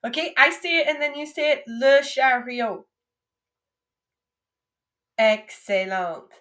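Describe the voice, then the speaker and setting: A young adult woman teaching a French vocabulary lesson, modelling each word slowly and coaxing her students to repeat after her. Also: high-pitched, animated, pushed and bright. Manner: slow, drawn-out modelling of each French word, then quick English asides.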